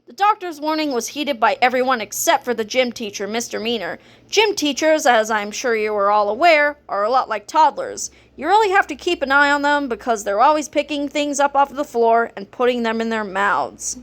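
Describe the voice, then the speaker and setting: A woman reading a children's book aloud in a playful, lively storytelling manner. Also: on the high side, normal speed, few pauses. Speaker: reader.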